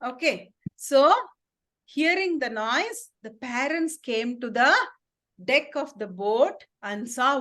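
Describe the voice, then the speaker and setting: An animated woman tells a bedtime story to children, pausing to ask them questions. Her voice is high and her pace slow and deliberate.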